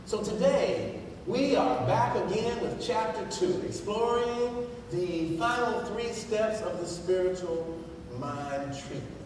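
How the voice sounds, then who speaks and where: A male minister preaching a sermon, telling stories and dropping low and soft for emphasis. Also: slow. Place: large church hall. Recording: distant echoey hall with noise.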